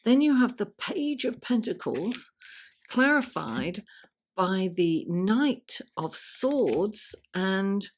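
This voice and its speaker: A woman giving a weekly horoscope tarot reading, chatty and unhurried, murmuring her card invocations softly. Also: mid-range voice, big pitch swings. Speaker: tarot reader.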